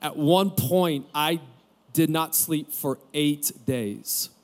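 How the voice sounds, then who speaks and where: A man in his forties preaches to his congregation, sharing a personal story candidly and breaking into quick jokes. His speaking voice sits a little on the high side. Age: 40s. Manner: candid storytelling with joking asides. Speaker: pastor. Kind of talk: sermon. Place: camp gathering room with audience.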